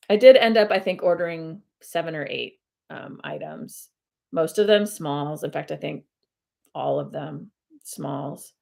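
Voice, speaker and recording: Casual female host, slightly low pitch, rambling live-stream chatter at home. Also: gravelly. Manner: chatty and rambling, many fillers and self-corrections. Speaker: host of a cross-stitch video channel. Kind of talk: casual live-stream chat while stitching.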